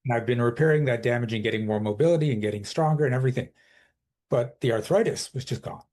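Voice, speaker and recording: A man with a dark, husky voice talks as a coach on a podcast. He explains firmly and with conviction, often voicing what people tell themselves. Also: medium pitch, quick pace. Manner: emphatic, explains with quoted inner dialogue. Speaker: transformational coach, podcast guest. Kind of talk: conversational podcast interview.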